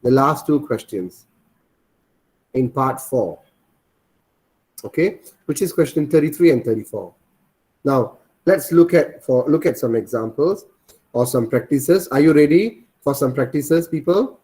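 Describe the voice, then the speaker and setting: A man's voice: mid-range voice, expressive, measured pace, pauses often, a little mellow. A man teaching an online class over a video call, repeating his points and quizzing the students.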